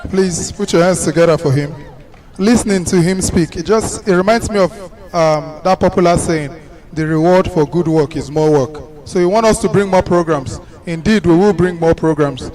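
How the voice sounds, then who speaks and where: A man's voice: on the high side, normal speed, darkish tone, low-quality recording. A man making reflective remarks to an audience at an event after a speaker. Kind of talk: event hosting.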